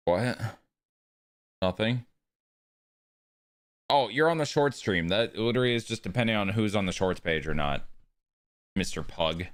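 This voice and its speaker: A man's voice: on the low side, lively intonation, a little slow, pauses often. A man live streaming a video game, chatting with his viewers in a casual, joking way and swearing freely. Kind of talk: live stream chat while gaming.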